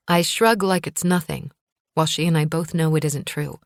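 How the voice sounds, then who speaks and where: A woman narrating a first-person thriller audiobook in a calm, measured way. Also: sits low, dry recording, studio quality.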